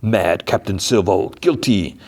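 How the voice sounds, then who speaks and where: A man voicing a gruff pirate captain passing judgment in slow, stern lines. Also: lowish voice, a little mellow.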